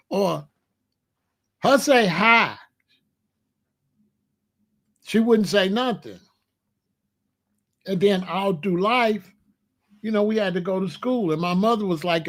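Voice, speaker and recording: A man's voice: high voice, a little slow, pauses often. Older man telling blunt family stories. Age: 60s. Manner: streetwise, boastful, plainspoken with slang. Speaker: host. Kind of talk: casual storytelling monologue.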